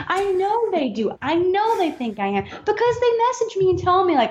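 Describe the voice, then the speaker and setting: A woman chatting casually with a slightly high voice, giggling often as she rambles. The recording sounds dull and lo-fi. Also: big pitch swings, moderate pace, hardly any pauses. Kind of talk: casual chat.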